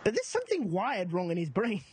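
A man co-hosts a comedy podcast with quick, teasing banter. He talks fast, and his pitch rises and falls a lot. There is a faint hiss behind him. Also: wildly swooping pitch. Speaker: podcast co-host. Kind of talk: casual comedic podcast chat.

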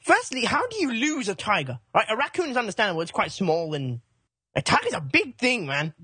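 A man's voice: high voice, huge pitch swings, fairly quick, sharp tone, breathy edge, no echo. A man co-hosting a casual comedic podcast chat, giggling often and riffing on jokes. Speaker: podcast co-host.

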